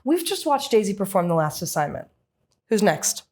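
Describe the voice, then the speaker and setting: A woman hosting a comedy game show, announcing in a brisk, upbeat way. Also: mid-range voice, sing-song, a little mellow.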